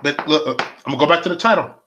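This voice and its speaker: A man ranting on a live stream, stammering and repeating words, his mouth dry and his voice going hoarse. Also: a little high, very fast, dull audio, noisy background. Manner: stammering repetitions, fiery ranting. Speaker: political vlogger. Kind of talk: live-streamed political rant.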